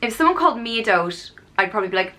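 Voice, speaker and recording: A woman's voice: a little high, sing-song, very fast, bright, forceful tone. An Irish woman in her thirties, chatting casually and explaining phrases with lots of ums and playful example lines. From Ireland. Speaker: vlogger.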